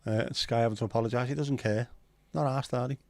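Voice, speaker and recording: A man's voice: mid-range voice, steady tone, quick pace, darkish tone, no echo. Chatty, sweary male livestream host. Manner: chatty, sweary, banter-filled. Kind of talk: casual chat reading viewer comments.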